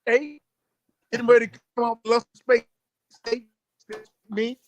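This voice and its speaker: A man's voice: extremely high pitch, flat delivery, a little slow, dull audio. A man in his fifties from Baltimore, a joking, playful guest on a talk stream.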